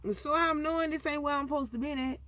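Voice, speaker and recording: A woman telling a story in a casual storytime vlog, animated and slangy. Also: high-pitched, quick pace. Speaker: vlogger.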